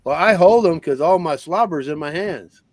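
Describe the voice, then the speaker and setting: A man's voice: fairly high pitch, lively intonation, normal speed, dry recording. A man co-hosting a casual live stream chat, reading fun facts and joking. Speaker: co-host.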